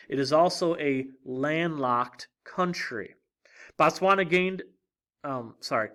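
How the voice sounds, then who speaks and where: A man teaching a recorded geography lesson in a clear, lively teacher's voice, with fillers like uh and um. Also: fairly high pitch.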